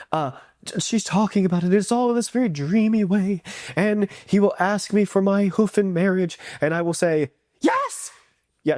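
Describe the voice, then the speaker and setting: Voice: mid-range voice, darkish tone, no echo. Casual reviewer, rambling, enthusiastic, acts out quotes, dry close sound.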